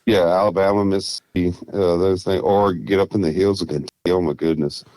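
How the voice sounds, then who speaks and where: A man's voice: deep voice, steady tone, a little fast, a little mellow, a little hiss or hum. A tired man with a mild South Carolina Southern accent, chatting loosely as a podcast guest and laughing easily. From South Carolina, USA. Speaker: guest turkey hunter. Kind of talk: casual podcast chat. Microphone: remote line.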